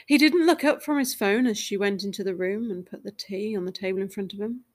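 A woman reading a short dramatic story aloud in measured, even scripted narration. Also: mid-range voice.

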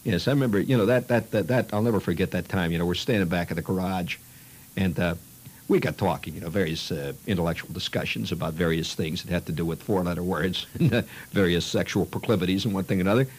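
A man's voice: low-pitched, quick pace, slight background noise, rough recording. A man telling a childhood story in a rambling, conversational way, peppered with "you know" and "see".

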